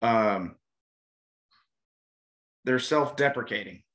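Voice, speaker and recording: A man's voice: medium pitch, extremely slow, a bit bright. An American man co-hosting a casual chat, rambling and hesitant, laughing easily. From United States. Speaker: podcast co-host.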